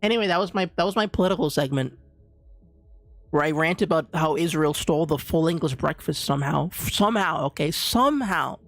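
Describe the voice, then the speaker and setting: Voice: medium pitch, animated, a little fast, fairly bright tone, dry recording. A streamer chatting casually during a live game, ranting with lots of restarts and slang. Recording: dry close mic with faint game music.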